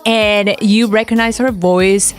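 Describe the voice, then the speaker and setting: A woman's voice: medium pitch, fairly even intonation, takes it slowly, soft background music. A woman with a non-native accent, a guest on a podcast, talking in an enthusiastic, giggly way. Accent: foreign accent. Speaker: guest, DJ and producer. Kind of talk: casual interview chat.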